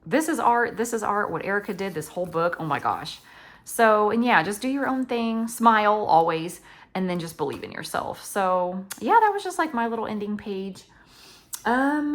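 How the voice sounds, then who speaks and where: A woman's voice: lowish voice, fairly bright tone. A woman, chatting casually as a craft vlogger, gushing and rambling with lots of likes and ums. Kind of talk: casual chatty flip-through.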